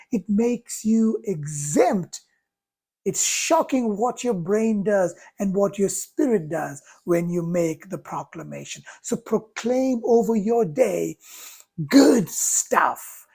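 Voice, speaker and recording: A woman giving a motivational talk, speaking in deliberate, emphatic, drawn-out phrases. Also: mid-range voice, vocal fry, darkish tone, slightly rough.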